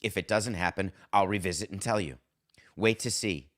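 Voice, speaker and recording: Low-voiced guy hosting a sports podcast, sarcastic and worked up, ranting opinions. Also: moderate pace, fairly bright tone. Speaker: podcast host.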